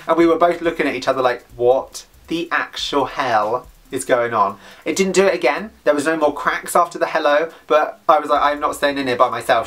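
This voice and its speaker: A man's voice: fairly high pitch, a bit bright. A man vlogging a casual storytime, chatty and dramatic with playful asides.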